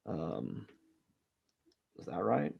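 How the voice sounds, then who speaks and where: Low and gravelly, this artist's voice swings hugely in pitch and stretches out words, heard through lo-fi sound. He hosts a drawing live stream, casually thinking aloud as he sketches, rambling and hesitant, questioning himself and putting down his own work.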